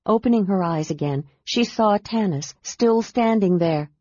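A woman narrating a fantasy audiobook in a steady, measured reading style. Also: mid-range voice, slightly rough, no room sound. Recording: dull, dry lo-fi audiobook recording.

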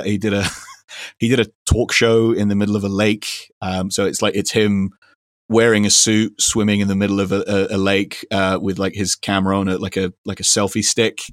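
A man's voice: fairly low pitch, a bit bright, no echo, clean studio sound. A man hosting a podcast, recommending things in a loose, rambling way, full of fillers and restarts. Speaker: podcast host. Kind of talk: casual recommendation chat.

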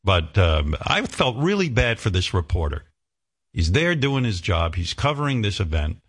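A man's voice: lowish voice, big pitch swings, normal speed, husky. A middle-aged man hosting a radio talk show, ranting with profanity and indignation.

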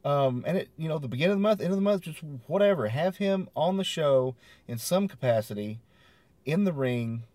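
A man's voice: fairly high pitch, expressive, a little fast, darkish tone, dry recording. A man co-hosting a podcast, agreeable and laid-back, chuckling as he chats. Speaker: podcast co-host. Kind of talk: casual wrestling review chat.

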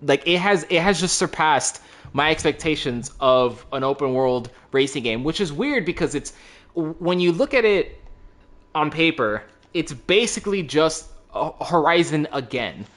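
A young man co-hosting a casual gaming podcast, animated, laughing often and swearing freely. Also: a little high, measured pace. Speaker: podcast co-host.

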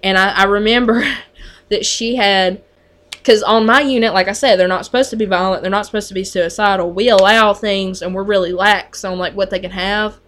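A woman's voice: medium pitch, steady tone, brisk, fairly bright tone. A woman who works on a mental health unit tells a story in casual conversation, chatty and full of fillers.

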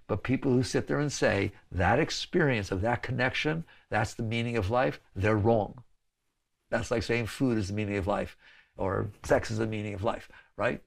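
A man's voice: mid-range voice, gravelly. A man teaching a spiritual talk to an audience, conversational, often checking in with "right?" and "okay?" and laughing between points.

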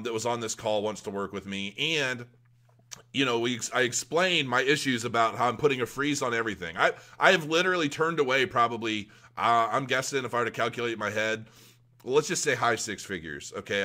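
A man talks casually to his viewers in a crypto vlog. His voice has a bright, forceful edge, and he rambles, restarts and fills gaps with ums. His excitement keeps breaking through. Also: medium pitch. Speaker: crypto video host.

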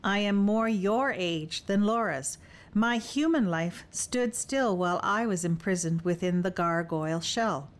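A woman's voice: mid-range voice, measured pace, lightly acted. A woman narrator voicing a fierce, teasing young warrior woman who speaks in a bold, old-fashioned way in an audiobook. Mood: determined. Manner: archaic, bold and playful. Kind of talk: audiobook dialogue.

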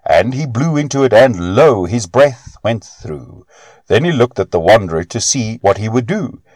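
A man narrating a storybook tale in an expressive, unhurried reading. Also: medium pitch, dry recording, studio quality.

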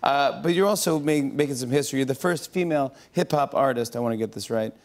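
A man hosting a late-night talk show, excitable and laughing as he interviews a guest in a studio. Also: medium pitch, quick pace. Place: TV studio with live audience. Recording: studio audience and background noise. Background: audience.

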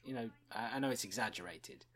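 A man's voice: lowish voice, animated, fast talker, fairly bright tone. A man hosting a podcast, musing chattily about a TV episode with fillers and chuckles. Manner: chuckles often. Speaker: podcast host reviewing a TV episode. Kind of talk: casual spoken commentary.

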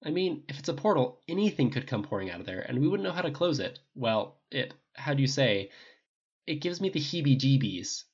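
A man voicing a sardonic adult male genius inventor with a quick, blunt, wry way of talking, on a dull lo-fi recording. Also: mid-range voice, big pitch swings, darkish tone, slightly rough, pitched above the performer's own voice. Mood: worried.

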